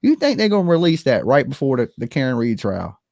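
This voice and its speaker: Livestream host, lively swinging pitch, blunt and profane, talks to chat, dry close sound. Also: fast, vocal fry, dry recording. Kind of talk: live-stream commentary with call-ins.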